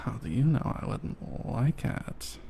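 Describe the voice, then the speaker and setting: A man's voice: medium pitch, sing-song, measured pace, vocal fry, noisy background. A man whispering playfully through an ASMR livestream, teasing his chat and laughing often. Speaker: ASMR streamer.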